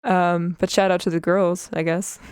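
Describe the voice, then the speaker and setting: A woman's voice: fairly low pitch, flat delivery, moderate pace, darkish tone, clean tone, no echo, clean studio sound. Chatty young woman streaming while drawing. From Canada. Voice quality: slight speech impediment. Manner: chatty, rambling, frequent fillers and laughs. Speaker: Twitch streamer. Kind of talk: casual livestream chat while drawing.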